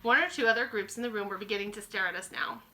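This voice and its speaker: A woman teacher reading a children's book aloud to her class in an expressive, friendly storytelling way. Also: medium pitch, very fast.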